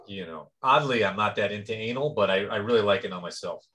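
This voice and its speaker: Deadpan male podcast host. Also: on the low side, fast talker. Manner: deadpan, crude. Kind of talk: casual comedy banter.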